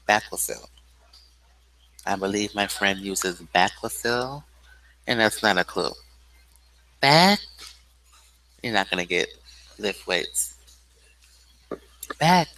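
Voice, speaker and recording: A man's voice: fairly low pitch, bright, forceful tone, poor audio. A man hosting a solo video, delivering a rambling stream-of-consciousness monologue that jumps between unrelated topics.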